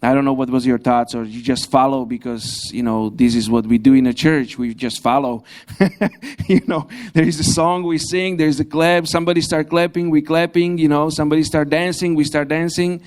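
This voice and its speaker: A young man preaching a sermon in a church, pausing and restarting often, with grammar and the odd light laugh. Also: fairly high pitch, fairly even intonation, a little mellow, smooth. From Slovakia. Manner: halting, frequent restarts, non-native grammar, light laughs. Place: church hall.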